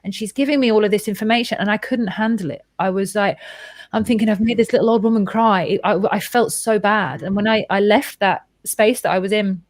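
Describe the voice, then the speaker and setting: A woman hosts a relaxed conversation and tells a long personal story, animated and chatty. She acts out what people said and restarts often. Her mid-range voice sounds close and dry, with no room sound. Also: medium pitch, fairly quick, dry recording. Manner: chatty, animated, frequent restarts and quoted dialogue. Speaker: host.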